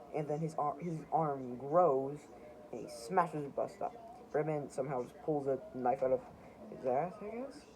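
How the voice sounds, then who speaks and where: Rambling young man over background noise. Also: a little high. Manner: rambling, self-mocking, chuckling. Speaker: amateur comic artist. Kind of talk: casual show-and-tell narration. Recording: noisy home recording.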